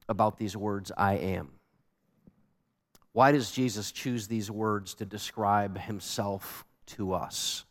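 Animated preacher in a reverberant hall. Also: male voice, lowish voice. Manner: animated preaching, rising to emphatic questions. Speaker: pastor. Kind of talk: sermon.

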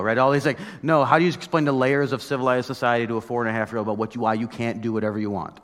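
A man in his thirties preaching a sermon in a conversational, animated storytelling way, with mock outbursts. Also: mid-range voice, racing, few pauses, long reverb tail. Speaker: pastor.

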